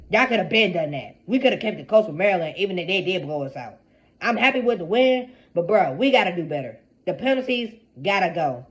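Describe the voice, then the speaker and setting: A man's voice: high-pitched, lo-fi sound. A young man giving an exasperated, repetitive fan rant about his team, heavy on slang. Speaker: sports fan commentator.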